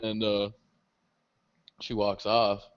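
A young man co-hosting a podcast, telling stories in casual chat. He swears often, laughs through his stories and jumps high when he quotes other people. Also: monotone, slow. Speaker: podcast co-host. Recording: dull lo-fi podcast audio.

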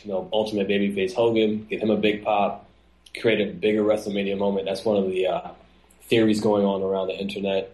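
A man co-hosting a casual wrestling podcast, talking in an animated way and acting out quotes in a high mocking voice. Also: brisk, echoey room, rough recording. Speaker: podcast co-host.

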